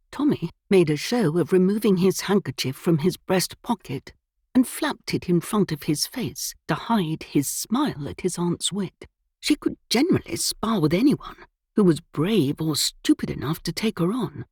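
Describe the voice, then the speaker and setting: A woman narrating a cozy mystery audiobook with lively, expressive storytelling. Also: lowish voice, moderate pace, husky, no room sound, studio quality.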